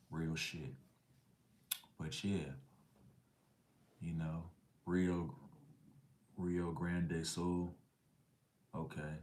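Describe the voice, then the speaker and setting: Deep-voiced man chatting on a livestream. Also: a little mellow. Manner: laid-back slangy banter, often whispering asides. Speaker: livestream host reading chat. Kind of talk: casual livestream chat.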